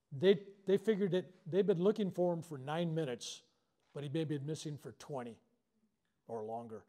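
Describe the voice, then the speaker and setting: An older reverend speaks to a workshop crowd in a lively storytelling way, slipping into quoted voices. His voice sits a little high for a man, yet its tone stays mellow and warm. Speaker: reverend leading a healing workshop. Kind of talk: storytelling talk to a live audience. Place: workshop hall.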